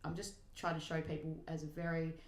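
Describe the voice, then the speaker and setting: This female singer has a deep, monotone voice and talks a little fast while demonstrating microphones at home. She chats casually and somewhat self-deprecatingly, and the recording is echoey with faint noise.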